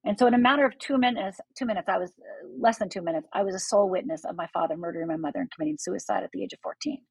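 A woman's voice: mid-range voice, rapid-fire, creaky, hardly any pauses, darkish tone, slightly rough, no echo, poor audio. A middle-aged woman, a life coach appearing as a guest, telling her personal story in an earnest, vivid way and speaking straight to the listener. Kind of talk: personal storytelling in a podcast interview.

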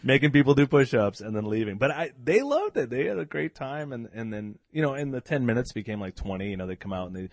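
A man telling stories in casual chat, animated and laughing, acting out the voices of people he quotes. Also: mid-range voice, fast, hardly any pauses, no echo, clean studio sound. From New England. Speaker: guest, event emcee. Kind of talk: casual storytelling.

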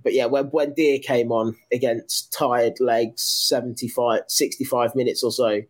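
A man's voice: medium pitch, level tone, unhurried. Bloke on a football pod, keen but stumbly, restarts his sentences. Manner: hesitant, restarts phrases, enthusiastic. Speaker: podcast co-host. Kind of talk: casual football chat.

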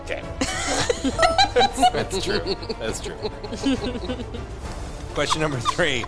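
A man co-hosting a casual quiz chat, playful and quick to laugh. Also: on the high side, lively intonation, creaky, loud music behind the voice. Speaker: podcast co-host.

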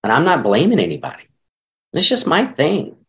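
A middle-aged man, a marriage counselor, explaining his ideas in an animated, conversational podcast interview. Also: fairly high pitch, normal speed.

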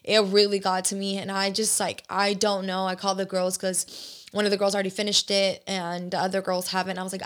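A woman's voice: medium pitch, fairly even intonation, moderate pace, fairly bright tone. A young adult woman hosting her own podcast, talking in a casual, rambling way with lots of fillers and restarts. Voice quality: chatty, many fillers and restarts. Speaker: podcast host. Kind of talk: casual chat.

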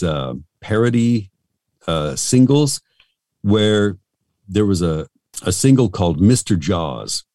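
A middle-aged man with a very low voice tells stories in a relaxed interview. His delivery swings up and down with lively pitch, and he rambles through his stories with a self-deprecating streak. The recording is dry and close to the mic. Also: dry recording. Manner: rambling, chatty, self-deprecating with many restarts. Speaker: radio host and voice actor. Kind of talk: casual interview storytelling.

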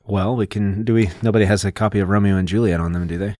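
A man's voice: fairly low pitch, steady tone, fast, dark tone, dry recording, studio quality. A man co-hosting a podcast, explaining things at length in a casual, lecturing way with plenty of fillers. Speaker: podcast co-host. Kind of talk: casual literary discussion.

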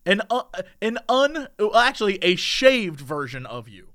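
A high, bright man in casual podcast chat, his voice swooping up and down as he tells a story. He laughs often and acts out the people in it. The sound is close and dry, with no room around it. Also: big pitch swings, measured pace, no room sound. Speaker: podcast co-host.

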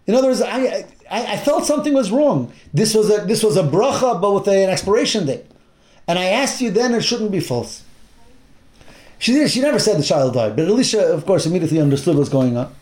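A man's voice: high voice, big pitch swings, fairly quick, a little mellow. A man teaching a Torah class, retelling a Bible story with acted-out quotes and Hebrew terms. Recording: roomy echo.

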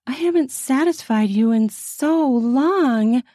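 A woman's voice: high-pitched, expressive, takes it slowly, dark tone, no room sound, clean studio sound, pitched above the performer's own voice, exaggerated voice. Rose, a woman voicing a timid young slave. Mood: pleading. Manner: pleading, hesitant, stammering.

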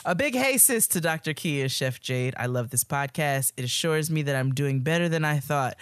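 Laughing, expressive woman podcast co-host. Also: low-pitched, normal speed, slight background noise. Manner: expressive, often breaks into loud laughter. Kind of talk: casual podcast chat, reading listener emails.

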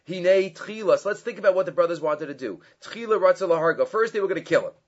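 A man's voice: high-pitched, animated, fast talker. A man teaching a Torah class, chanting Hebrew source texts and then explaining them in English. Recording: dull lo-fi recording.

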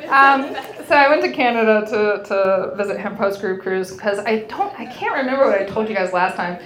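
A woman's voice: mid-range voice, animated, normal speed, fairly bright tone. A young woman hosting a podcast, chatting candidly and frankly, swearing freely and laughing often. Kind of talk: candid casual chat. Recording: roomy echo.

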